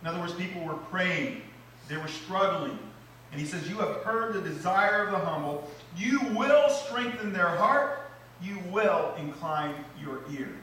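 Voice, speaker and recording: Preaching a touch slowly, a male pastor gives a spirited sermon whose bright, slightly sharp voice climbs loud on repeated phrases and drops low for emphasis. The distant recording captures a large, echoey church sanctuary and slight background noise.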